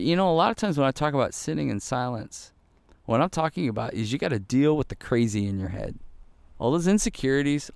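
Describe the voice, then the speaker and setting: An earnest man preaching a devotional sermon at a medium pitch. He repeats phrases for emphasis and drops to a hushed voice when he quotes a prayer. The sound is dry and close, with no room echo. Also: vocal fry. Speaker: pastor.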